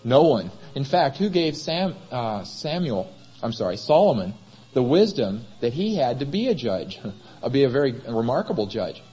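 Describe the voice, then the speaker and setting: A man's voice: mid-range voice, very animated, moderate pace, warm tone, breathy edge, dull audio. A man preaching a sermon in a chapel, questioning the congregation and answering himself. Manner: asks the congregation rhetorical questions.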